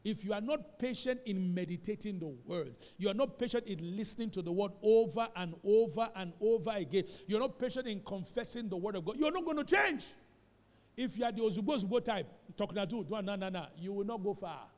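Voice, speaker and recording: A man's voice: high voice, animated, a little fast, darkish tone. A man preaching a sermon, emphatic and calling on the congregation to repeat after him. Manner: emphatic, calls for congregation responses. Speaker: pastor. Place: church hall. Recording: reverberant church hall.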